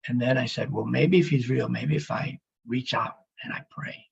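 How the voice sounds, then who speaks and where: Male speaker, rough gravelly rasp, halting emotional testimony, muffled sound. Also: medium pitch, steady tone. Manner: halting, emotional, with pauses and restarts. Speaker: speaker telling his near-death story.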